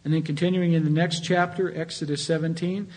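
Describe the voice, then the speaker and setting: A man's voice: fairly high pitch, level tone, fairly quick, a little mellow, low-quality recording. A man preaching a sermon as pastor, earnest and conversational, rising in emphasis on key points.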